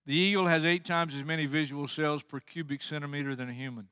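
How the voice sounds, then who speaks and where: A man's voice: on the high side, quick pace, smooth, no echo, studio quality. A man preaching a sermon as pastor, telling stories with energy and acting out the quoted lines. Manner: animated storytelling, acts out quotes.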